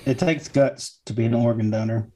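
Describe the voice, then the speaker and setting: A speaker trades corny jokes in a casual back-and-forth at a middle pitch. The punchlines land flat and matter-of-fact, with no build-up. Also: moderate pace, background noise. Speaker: joke teller in a try-not-to-laugh game. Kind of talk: casual joke swapping.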